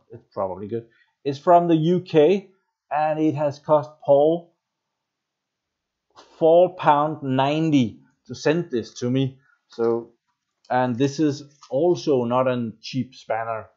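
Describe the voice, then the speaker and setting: Slow and mellow, a medium-pitched Danish man rambles through a casual live stream chat, greeting viewers and reading out what they write. The recording has its highs cut off. He's at home, next to a basement workshop.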